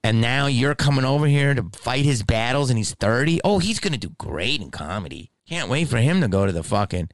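A man hosting a comedy podcast, telling a story in a profane, heated rant that swings from mumbled asides to shouting. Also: medium pitch, animated, brisk, few pauses, no echo.

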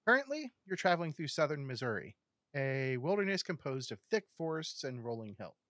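A man running a tabletop game as game master, describing scenes in a steady narrating voice with casual asides to the players. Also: fairly high pitch, a little fast, dry recording, studio quality.

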